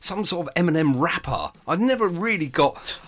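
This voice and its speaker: A man's voice: fairly high pitch, lively intonation, moderate pace, fairly bright tone. A man hosting a casual podcast interview, enthusiastic and laughing often. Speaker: podcast host.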